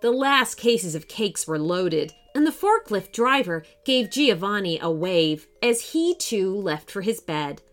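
Lively, unhurried woman storyteller for kids, soft music underneath. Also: medium pitch. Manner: animated, expressive. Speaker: children's podcast host and storyteller. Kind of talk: storybook narration.

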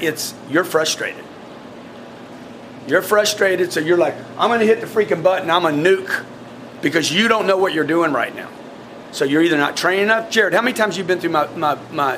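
A man's voice: fairly high pitch, slight background noise. Blunt, fired-up man coaching his sales team. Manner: blunt, animated, repetitive restarts. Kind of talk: coaching talk to staff.

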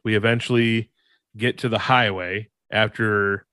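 A man's voice: on the low side, fairly even intonation, a little slow, sharp tone, no echo. A man co-hosting a podcast, telling a rambling story in a casual way and laughing along. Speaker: podcast co-host.

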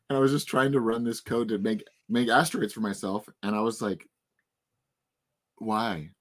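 Hoarse man hosting a podcast. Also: medium pitch, a little fast. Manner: animated storytelling, frustrated rants. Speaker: podcast host. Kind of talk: casual chat.

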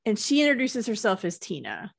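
A woman's voice: mid-range voice, brisk, gravelly, breathy edge, no room sound. Chatty woman recapping a show, dry sound. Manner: chatty, laughs often, relaxed retelling. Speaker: podcast co-host recapping a TV episode. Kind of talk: casual chat.

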